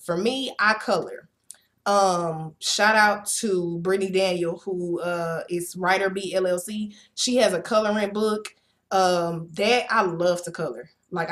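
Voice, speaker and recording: A young woman in her twenties hosts her own motivational show, speaking in a casual, emphatic monologue. Her talk is chatty and direct, and she peppers it with "like" and "literally". Her pitch sits in a middle range for a woman. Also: fairly bright tone. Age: 20s.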